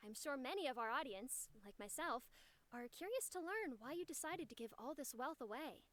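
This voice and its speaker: A formal ceremony announcer. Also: female voice, high voice, expressive, moderate pace, a bit bright. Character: formal female event host, polite. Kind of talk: game cutscene voice acting.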